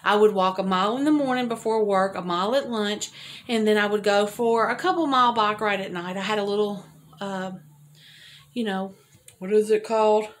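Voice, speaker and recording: A woman's voice: medium pitch, steady tone, moderate pace. An older woman vlogger telling a rambling, chatty story to her viewers and laughing at her own jokes. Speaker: homesteading vlogger.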